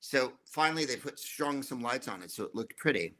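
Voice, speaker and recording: A middle-aged American man spins long, rambling stories as an interview guest and drops in dry jokes as he goes. His voice has a bright, forward tone at an ordinary middle pitch. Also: lively intonation, fairly quick. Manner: rambling, wry, jokey storytelling. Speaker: guest comedian. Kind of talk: casual anecdotal interview.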